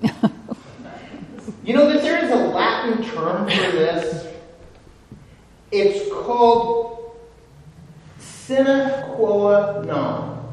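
A man's voice: high voice, slight background noise. A man preaching a sermon, retelling scripture and film scenes. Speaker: pastor. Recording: echoey hall from far off.

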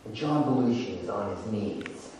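A man's voice: fairly low pitch, expressive, normal speed, warm tone, slight background noise. A man preaching a sermon, retelling scripture and film scenes. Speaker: pastor. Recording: echoey hall from far off.

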